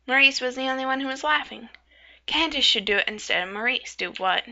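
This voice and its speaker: A relentlessly cheerful girl who keeps urging her friend on, acted by a woman. The voice is high, bright and bubbly, and a slight rasp comes through the dull, lo-fi recording. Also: expressive, fairly quick, heavily acted. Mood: encouraging. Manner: bubbly, eager, talks about herself in third person. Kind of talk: amateur visual novel voice reading.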